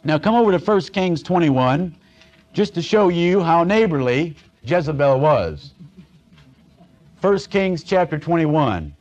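In a dull lo-fi recording, a man gives expository Bible teaching, working through a passage by mixing plain scripture reading with sarcastic, conversational asides. His voice is a little high, sing-song, slow, and darkish in tone.

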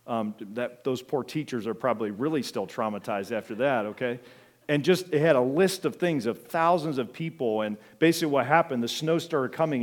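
Conversational man preaching a sermon. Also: medium pitch. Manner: conversational, many fillers and restarts. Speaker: pastor. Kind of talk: sermon with storytelling.

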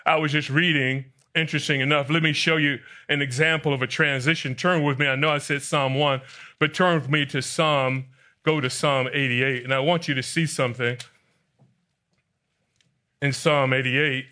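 A man's voice: medium pitch, steady tone, normal speed, pushed and bright. A man preaching a sermon, asking his listeners questions and reading scripture aloud. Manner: asks the congregation questions and reads scripture aloud. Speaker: pastor.

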